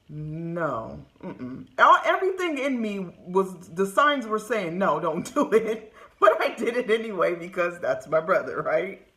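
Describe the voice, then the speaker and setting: A woman from California telling funny childhood stories straight to the camera, laughing often and acting out what people said. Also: on the low side. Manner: laughs often, lively retelling with acted quotes. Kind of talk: casual storytelling to camera. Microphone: camera close-up.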